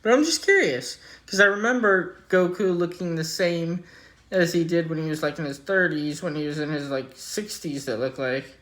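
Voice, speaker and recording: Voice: medium pitch, normal speed, a bit bright. Casual reaction host, chatty and musing. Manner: musing, chatty, thinks aloud. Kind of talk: casual commentary.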